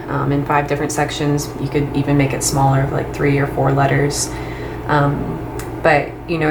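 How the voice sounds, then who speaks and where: A woman training volunteer English mentors in a relaxed, chatty way, with frequent ums and light laughs. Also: low voice, gravelly, slight background noise. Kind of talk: casual instructional talk. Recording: echoey room, faint ambience.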